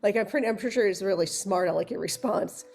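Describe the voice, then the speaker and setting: A woman hypnosis practitioner co-hosting a candid chat, telling stories in a rambling, animated way. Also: mid-range voice, fast, gravelly, soft background music. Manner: rambling, animated storytelling with restarts.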